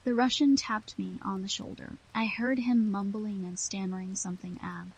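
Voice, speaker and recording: A woman narrating a classic novel in the first person, with a steady, somber reading. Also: medium pitch, normal speed, vocal fry, slightly rough, poor audio. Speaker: audiobook narrator.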